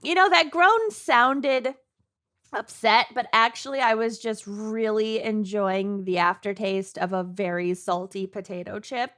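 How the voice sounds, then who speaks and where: Podcast co-host: a woman, slow-paced and giggly, in a dry, close room. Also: medium pitch, a bit bright, no room sound. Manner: giggly, laughs often between lines. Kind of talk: casual chat.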